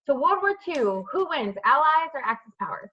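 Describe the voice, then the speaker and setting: A woman's voice: high voice, very animated, normal speed, muffled recording, slight background noise. A woman teaching history over a video call, asking students questions by name and checking with "right?". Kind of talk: online class lecture with questions. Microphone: computer mic on a video call.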